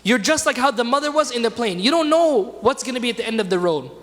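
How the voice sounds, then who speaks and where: A man with a high voice leads a religious lesson in a mosque. He tells the story in a loose, conversational way and keeps turning to his class with questions. His voice rings out with a long echo in the hall. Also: animated, fast talker, fairly bright tone. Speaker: teacher leading a class. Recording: reverberant hall.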